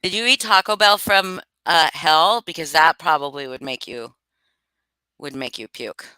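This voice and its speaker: A woman's voice: sits low, a little slow, sharp tone, smooth, no echo. A woman hosting a casual live stream, reading chat aloud and chatting loosely with some swearing. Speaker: streamer host.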